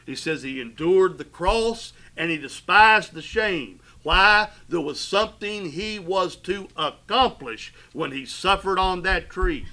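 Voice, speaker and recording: Addressing his congregation directly, a pastor delivers a fervent sermon at a slightly slow pace with few pauses. His bright, forceful voice runs a little high for a man, surging loud and then falling hushed, captured on low-quality audio.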